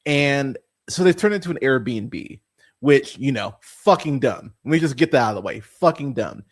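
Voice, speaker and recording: A man's voice: medium pitch, normal speed. A man hosting a movie review podcast, talking in a casual, profane, exasperated rant. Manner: animated, swearing, exasperated.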